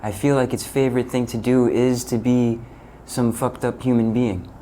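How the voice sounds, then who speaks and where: A man hosting a podcast who muses slowly and reflectively in casual chat. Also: mid-range voice, little pitch movement, dark tone, slight background noise, poor audio. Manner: slow, musing, drawn-out questions.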